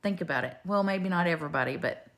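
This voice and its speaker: An older woman talks quickly in a fairly low voice, giving a rambling faith testimony straight to the camera. As a faith video maker, she is chatty, homespun, and prone to digressions.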